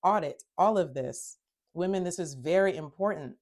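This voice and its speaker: A woman's voice: on the low side, moderate pace. A woman hosting a self-help talk, speaking emphatically, repeating phrases for stress and growing heated when she is upset. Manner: emphatic, repeats phrases, addresses listeners as y'all; gets worked up and loud when upset. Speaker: host.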